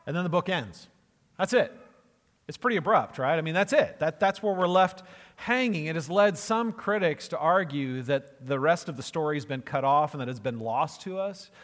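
Emphatic preacher in an echoing hall. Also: male voice, a little high, expressive, moderate pace, a bit bright. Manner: emphatic, conversational, repeats phrases for effect. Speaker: pastor. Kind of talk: sermon.

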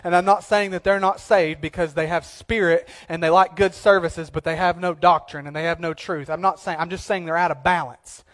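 Male pastor, high-pitched, impassioned sermon delivery, hushed to emphatic. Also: steady tone, brisk, few pauses.

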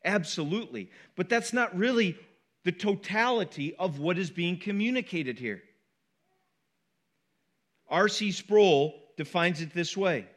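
A middle-aged male pastor with a high, light voice delivers a sermon with emphatic repetition. He talks to his congregation conversationally, dropping in quick asides between his stronger points. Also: expressive, fairly bright tone. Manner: emphatic, repeats key words with rising force.

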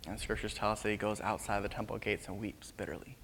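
A man preaching a storytelling sermon in a casual, conversational way, sometimes dropping to hushed tones, recorded in a large hall with a long reverb. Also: fairly low pitch, fairly even intonation, fast, vocal fry, a little hiss or hum.

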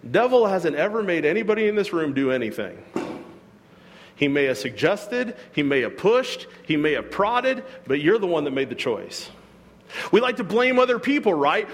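Animated man preaching in an echoey hall. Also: high-pitched, normal speed. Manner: animated, acts out quoted voices and jokes with the congregation. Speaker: pastor. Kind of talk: sermon. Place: church hall.

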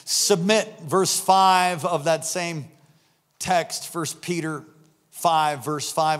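A middle-aged man preaching a sermon, telling a story and acting out the voices in it, building up to shouts. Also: on the high side, extremely slow, clean tone. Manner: animated, acts out voices in anecdotes, rising to shouts. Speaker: pastor.

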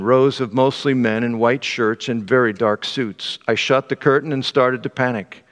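A man preaching a sermon and reading an excerpt aloud, with a measured, deliberate delivery. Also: medium pitch, a bit bright, long reverb tail. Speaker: pastor.

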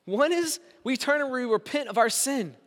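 High-voiced preaching man in a reverberant hall. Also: expressive, normal speed, fairly bright tone. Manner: preaching with emphatic swings in volume. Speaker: pastor. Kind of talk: sermon. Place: church sanctuary.

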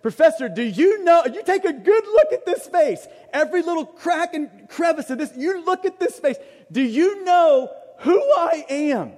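A man's voice: high voice, big pitch swings, measured pace, long pauses, a little mellow, slightly rough, in a large hall, voice pushed down, heavily acted. A man voicing a brash young male student who demands and repeats himself insistently. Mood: shouting.

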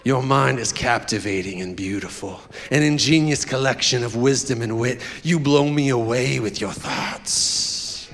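A man putting on a deep crooning R&B lover. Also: a bit bright, big-room sound. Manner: slow, low, drawn-out crooning. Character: smooth crooning male R&B lover, syrupy.

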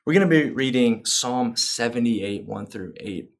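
Male pastor, mid-range voice, earnest sermon delivery with rising excitement. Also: medium pitch, unhurried, vocal fry. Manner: earnest, building excitement, fillers like "um".

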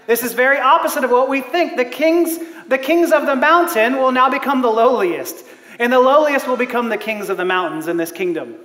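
A man with a very high voice preaches a lively sermon, laughing often and acting out the people he quotes. His voice carries through a church hall with a long, roomy reverb. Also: a little fast. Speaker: pastor. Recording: echoey hall.

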